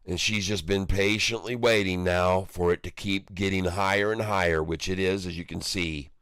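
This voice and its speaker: A man's voice: low-pitched, fairly even intonation, normal speed, a bit bright, clean tone, no room sound, studio quality. A man hosting a casual livestream, chatting jovially with viewers and reading their comments aloud, laughing often. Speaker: stock market livestream host.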